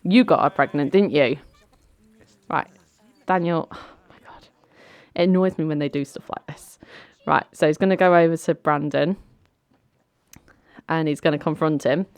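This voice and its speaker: Chatty woman with a low voice. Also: fairly even intonation, normal speed, pauses often, clean tone, no echo. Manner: chatty, lightly amused. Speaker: let's play host. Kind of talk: casual game commentary.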